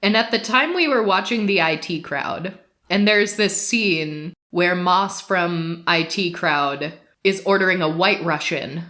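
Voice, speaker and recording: A woman co-hosting a podcast, telling a self-deprecating anecdote in an animated way and laughing often. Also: fairly low pitch, measured pace. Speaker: podcast co-host.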